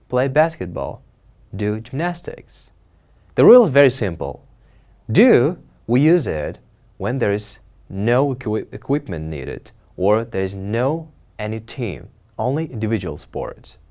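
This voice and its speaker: A man teaching an English video lesson, who says new words slowly and repeats each one twice so learners can copy it. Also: fairly low pitch, sing-song, warm tone. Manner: slow, repeats each word for pronunciation practice. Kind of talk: video lesson, vocabulary drill. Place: studio recording.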